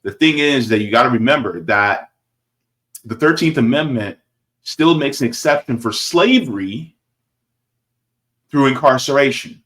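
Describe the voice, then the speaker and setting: A man's voice: mid-range voice, animated, a little slow, pauses often, fairly bright tone. A man commenting on a video clip in casual political talk, emphatic and repetitive, tossing in "right?" and "baby".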